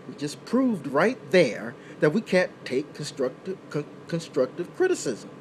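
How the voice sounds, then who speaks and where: A man's voice: a little high, big pitch swings, measured pace, hardly any pauses, slight background noise. A man hosting a talk radio show, delivering an impassioned, preachy monologue from a small indoor room. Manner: impassioned and preachy, building to loud emphatic outbursts.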